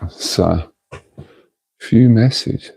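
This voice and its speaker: A man's voice: fairly low pitch, very slow, gravelly, warm tone, husky, dry recording. A middle-aged man, hosting a casual livestream and talking to viewers in an earnest, rambling way. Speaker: livestream host.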